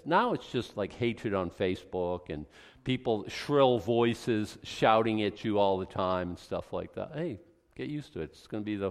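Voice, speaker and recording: Animated preaching pastor in a reverberant church. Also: male voice, lowish voice. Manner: animated, conversational preaching with sarcastic asides. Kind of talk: expository sermon. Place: church sanctuary.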